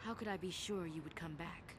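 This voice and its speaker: A woman voicing a grieving widow of a desert hunter, soft, pleading and desperate. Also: fairly low pitch, a little fast, noisy background, close to an everyday voice.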